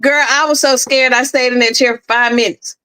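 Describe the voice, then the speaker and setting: Middle-aged woman host, high, bright and animated, casual storytelling. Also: fairly quick, poor audio. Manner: animated, laughing often, addresses listeners as "girl". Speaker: podcast host. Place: at home, in her office.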